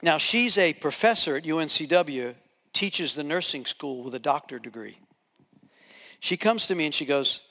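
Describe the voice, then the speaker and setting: High-voiced pastor in a reverberant hall. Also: male voice, moderate pace. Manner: animated, acts out scenes with voices. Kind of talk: sermon storytelling.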